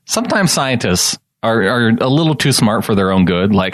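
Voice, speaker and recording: Man, podcast co-host, lively swinging pitch, dry close mic, jokey banter with frequent laughs. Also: normal speed, no echo. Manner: jokey, laughs often, acts out quoted lines. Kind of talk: casual chat.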